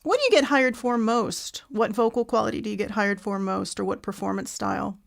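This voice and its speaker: A woman's voice: medium pitch, brisk, vocal fry. Woman podcast host, encouraging interviewer. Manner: encouraging, short affirmations.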